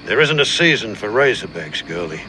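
An actor playing a curt, dismissive boar hunter, in a film clip. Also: male voice, lowish voice, big pitch swings, moderate pace, noisy background. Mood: scornful. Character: gruff, laconic male boar hunter.

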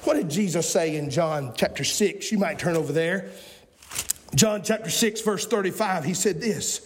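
Man, 40s, preacher, high-pitched, folksy, shouted sermon. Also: moderate pace, a little hiss or hum. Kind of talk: fiery sermon.

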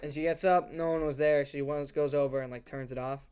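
A man's voice: a little high, steady tone, a little fast, a little mellow, clean tone. Young man rambling through a story. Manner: rambling with many fillers, acts out sounds and voices. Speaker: podcast co-host. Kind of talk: casual chat, storytelling.

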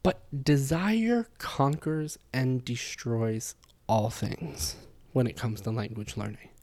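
A man talks through his ideas on a solo podcast in a mellow, warm voice. He explains things casually and loosely, with plenty of fillers and little asides. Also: mid-range voice, takes it slowly. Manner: chatty and explanatory, with frequent fillers. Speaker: podcast host. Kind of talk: casual spoken podcast monologue.

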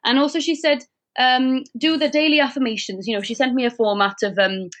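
A woman's voice: sits high, fairly even intonation, fairly quick, a bit bright, pitched above the performer's own voice. A woman talking in a put-on Welsh accent, chatty and rambling in casual conversation. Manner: chatty, rambling, sing-song. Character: young woman telling her week in a mock Welsh lilt. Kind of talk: casual chat.

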